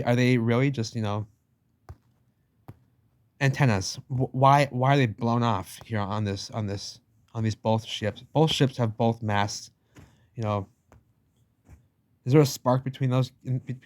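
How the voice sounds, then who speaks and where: A man's voice: medium pitch, darkish tone. A man giving a rambling, emphatic commentary over book pictures, repeating himself, swearing casually and using slangy asides. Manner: slangy, addresses listener as "baby". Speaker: channel host.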